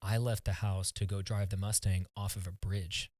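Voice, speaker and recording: Low-voiced man telling a personal story. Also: little pitch movement, a little mellow, no room sound. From United States. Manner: earnest, halting, often restarting words. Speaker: podcast guest.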